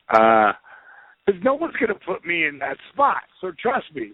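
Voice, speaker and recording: A man telling a lively, profane anecdote as a podcast guest, acting out the voices of the people he quotes. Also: high-pitched, unhurried, dry recording. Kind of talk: casual anecdote storytelling. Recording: tinny phone-like line, dry.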